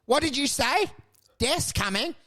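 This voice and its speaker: A man voicing a cranky old man with a walking stick who gruffly threatens a young upstart. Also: very high-pitched, lively intonation, measured pace, pushed and bright, pitched above the performer's own voice, exaggerated voice. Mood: indignant.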